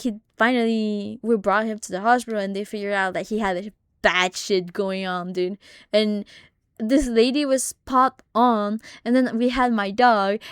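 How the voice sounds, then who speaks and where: A young woman streamer telling family stories in casual, swear-heavy chat, animated and laughing often. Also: on the high side, clear, resonant tone, no room sound, clean studio sound. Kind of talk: casual storytelling on a live stream.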